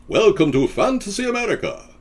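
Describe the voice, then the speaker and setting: A man doing an impression of a suave older fantasy-island host, with grand, drawn-out, sweeping delivery. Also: high-pitched, big pitch swings, pitched above the performer's own voice. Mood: grandiose.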